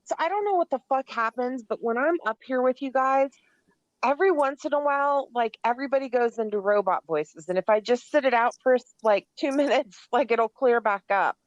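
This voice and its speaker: A woman's voice: high voice, lively intonation, fairly quick, no echo, highs cut off. A woman guest on a livestream panel over a video call, speaking casually and with some swearing.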